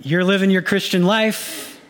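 A man preaching a sermon as a pastor, animated and given to acting out little mock inner voices. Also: high voice, measured pace.

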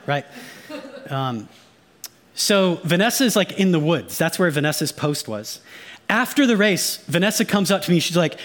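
A man preaching a sermon as pastor, emphatic and animated, mixing casual slang asides into the teaching and dropping to a hushed, grave tone for dark passages. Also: fairly high pitch, measured pace, pauses often.

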